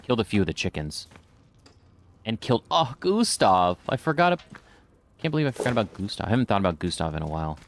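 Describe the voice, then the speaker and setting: A very animated gaming streamer talks at a quick pace in a lowish voice, and a little hiss or hum can be heard. He keeps up casual let's-play commentary, chatting and reading in-game notes aloud into his computer's desk microphone.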